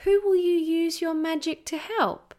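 A woman voicing a gentle, patient grown man in a storybook, speaking softly and plainly. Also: very high voice, fairly even intonation, unhurried, voice pushed up. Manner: soft and gentle. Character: gentle patient adult man, kind listener.

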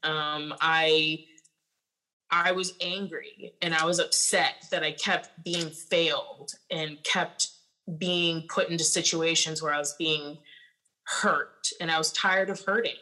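A woman's voice: sits low, fairly even intonation, takes it slowly, pushed and bright, poor audio. A young woman guest telling her life story candidly and bluntly, with frequent swearing and lots of filler words. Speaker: podcast guest.

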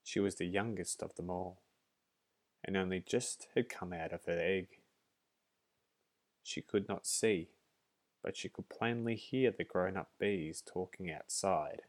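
A man reading a children's fairy tale aloud as narrator, measured and gentle. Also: sits low. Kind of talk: storybook reading.

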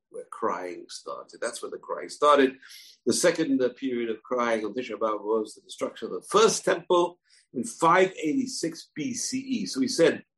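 A man's voice: mid-range voice, low-quality recording. A man giving an informal, emphatic Jewish history lesson, often repeating words for stress. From family from Babylon, moved to Israel. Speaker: Jewish teacher.

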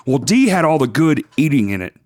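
A man hosting a podcast, telling con stories in a profane, animated casual way. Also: fairly high pitch, fairly quick. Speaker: podcast host.

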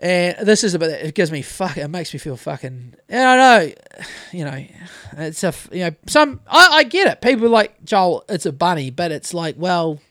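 A man's voice: high-pitched, sing-song, normal speed, pushed and bright, no echo, clean studio sound. A man in his thirties with a New Zealand accent, telling a rambling story on a casual podcast and swearing freely. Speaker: podcast host. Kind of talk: casual chat.

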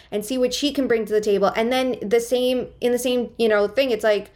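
A woman co-hosting a casual podcast, giving opinions in an animated way and swearing freely. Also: fairly high pitch, fairly quick, hardly any pauses. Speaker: podcast co-host.

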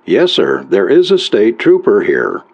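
A man voicing a nervous, urgent male physicist in a read-aloud story, hurried and anxious. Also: lowish voice, huge pitch swings, darkish tone, breathy edge, heavily acted. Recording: dull lo-fi recording.

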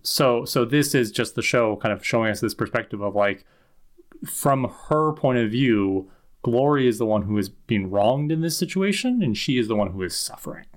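A man's voice: medium pitch, animated, normal speed. A man podcast co-host who talks through his ideas in casual chat and often checks in with "right?". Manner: reflective, argumentative, says "right?" often.

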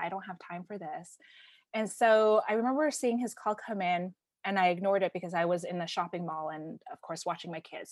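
A woman in her thirties from Canada, telling a personal story in casual conversation, animated and emphatic with frequent fillers. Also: mid-range voice, no room sound.

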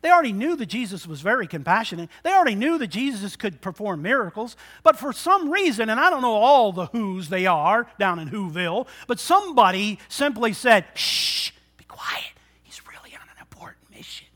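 A man preaching a sermon, moving from quiet, intimate talk to loud exhortation and acting out the voices of people in his stories. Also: high-pitched, very animated, fairly quick, hardly any pauses. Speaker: pastor.

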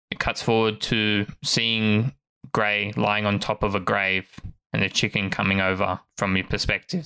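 A man narrating a tabletop game as its game master, in animated, rambling storytelling. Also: on the low side, creaky, smooth. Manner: animated storytelling with many restarts.

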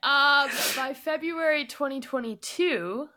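A woman's voice: sits high, takes it slowly, pushed and bright. A woman hosting a casual book-review podcast, reading background facts aloud and laughing often. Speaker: podcast host.

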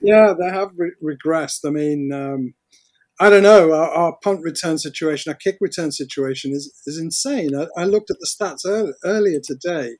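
A British man giving blunt, opinionated takes on a sports podcast. His voice sits a little high, and the sound is close and dry. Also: normal speed, darkish tone, no echo. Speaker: podcast co-host. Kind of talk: casual sports chat.

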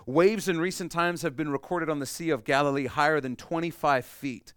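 A man preaching a sermon, explaining a passage emphatically and swinging between loud and hushed delivery. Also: fairly high pitch, a little fast, clean tone, dry recording, clean studio sound. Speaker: pastor.

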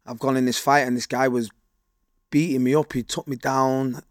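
A man's voice: mid-range voice, little pitch movement, normal speed, dry recording, clean studio sound. Man telling vivid street stories. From Manchester, England. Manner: streetwise, vivid, mimics gunshots and car sounds. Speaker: guest. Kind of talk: personal storytelling in an interview.

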